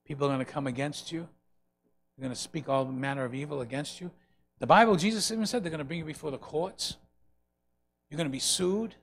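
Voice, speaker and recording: A man preaching a sermon and leading a closing prayer, swelling loud on key lines and dropping soft between them. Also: fairly high pitch, a little fast, pauses often, a little hiss or hum. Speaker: pastor. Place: church sanctuary.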